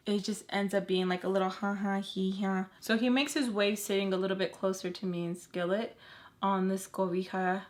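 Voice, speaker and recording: A young woman vlogger telling a storytime in a lively, slangy way, swearing and saying "like" often. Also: medium pitch, normal speed. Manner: animated, slangy, swears, heavy "like". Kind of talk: casual storytime.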